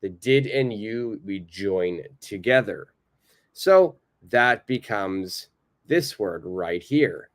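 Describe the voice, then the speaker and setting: A man's voice: fairly low pitch, lively intonation, slow. A man with a North American accent teaching a live online English lesson, patiently repeating phrases for learners to copy.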